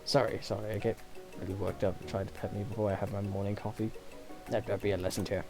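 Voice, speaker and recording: A man's voice: fairly low pitch, flat delivery, fast, over music, pitched below the performer's own voice, close to an everyday voice. A man voicing a small, tired male dog who teaches as a professor in a dating game, speaking in a fussy, polite lecturing way. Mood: weary, formal.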